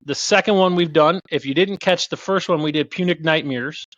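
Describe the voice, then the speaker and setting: A man's voice: on the high side, fairly quick, fairly bright tone, no room sound. Chatty male podcast host, dry and dull. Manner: loose, chatty, lots of fillers and restarts. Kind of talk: casual podcast chat.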